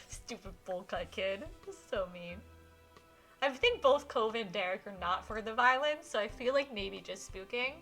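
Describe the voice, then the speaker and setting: Giggly bright-voiced woman streamer. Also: fairly high pitch, moderate pace, faint music behind. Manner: giggly, animated, reads text aloud and reacts. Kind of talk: live-streamed visual novel playthrough, reading aloud.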